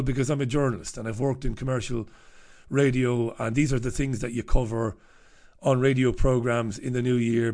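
A man's voice: medium pitch, darkish tone. A middle-aged man hosting a live stream, chatting casually in a blunt, profane, rambling way.

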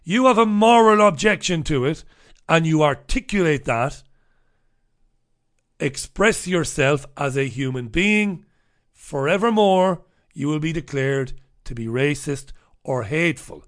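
A man's voice: fairly high pitch, expressive, measured pace, fairly bright tone. An Irish man hosting a talk radio show, ranting bluntly and swearing freely. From Ireland. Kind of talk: opinionated talk radio monologue.

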